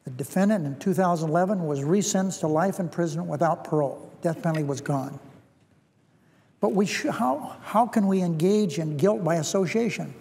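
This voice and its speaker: A man giving a formal speech as a senator on a chamber floor, deliberate and repeating phrases for emphasis. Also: fairly high pitch, gravelly, a little mellow. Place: large legislative chamber. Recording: long reverb of a large hall.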